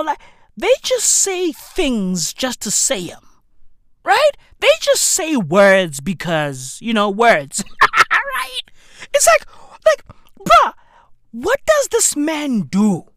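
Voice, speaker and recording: A woman's voice: a little high, dry recording, studio quality. A young woman, ranting sarcastically and with heavy swearing as a commentary vlogger. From South Africa. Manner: sarcastic, swearing, mocking, loud outbursts. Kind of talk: profane comedic rant.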